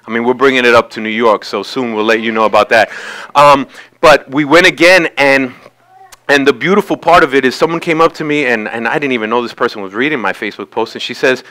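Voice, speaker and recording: A man's voice: medium pitch, fairly quick, pushed and bright. A male pastor giving a sermon, talking conversationally and building to emphatic peaks. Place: church sanctuary.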